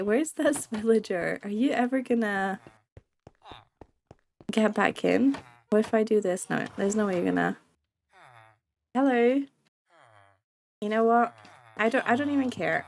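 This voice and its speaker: Fighting a cold, a young woman with a fairly high, gravelly voice makes a gaming video. She chats and giggles through relaxed let's-play commentary, even talking to the game's creatures.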